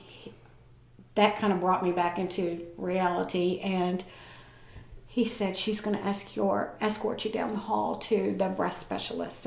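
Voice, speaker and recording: A woman in her forties telling a personal story as a podcast guest, lively and acting out the people she quotes. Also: medium pitch, vocal fry, a little hiss or hum. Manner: animated, acts out voices in her story. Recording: echoey room.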